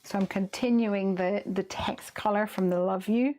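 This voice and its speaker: A woman from the UK chats through a live crafting demo at her desk mic, thinking aloud and trailing off into quiet murmurs as she works. Her pitch sits in a middle range, and faint clicks come through behind her. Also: steady tone, moderate pace, slight background noise. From United Kingdom. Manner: chatty, thinks aloud while working, trails off into soft murmurs. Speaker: crafting livestream host.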